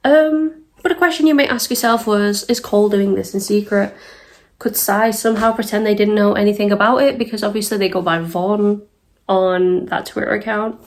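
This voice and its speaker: A young British woman delivers a casual commentary vlog as a YouTube commentator, chatty and exasperated, with many ums and nervous laughs. Her voice is medium-pitched and steady, at a normal speed.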